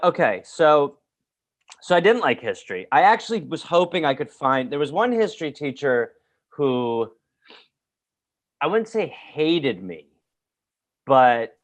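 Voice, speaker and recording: A man hosting a podcast, telling rambling, jokey school stories in casual chat and reading old reports aloud. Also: mid-range voice. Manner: rambling, jokey, reads aloud and acts out quotes. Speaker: podcast host.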